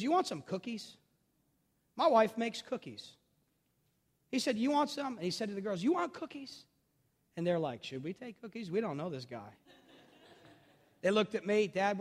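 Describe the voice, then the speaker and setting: A middle-aged man and pastor preaching a sermon, switching between loud, urgent emphasis and quiet storytelling, repeating phrases and speaking straight to his listeners. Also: high voice. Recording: long reverb of a large hall.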